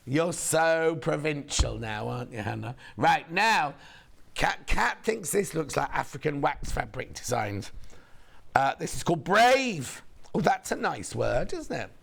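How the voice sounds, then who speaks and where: A hoarse man presenting on a shopping channel, chatting in a gossipy, rambling way between sales points. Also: a little high, big pitch swings, a little slow, a bit bright. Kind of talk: casual live sales chat.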